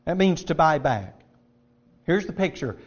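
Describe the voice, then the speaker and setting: Man preaching, high voice, emphatic, repeats words, dull lo-fi recording. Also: lively intonation, measured pace, breathy edge. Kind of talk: sermon. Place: auditorium.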